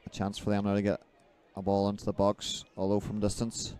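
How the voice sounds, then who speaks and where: A man giving live play-by-play football commentary, brisk and lifting his voice as the action builds. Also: lowish voice, completely flat delivery, a little mellow.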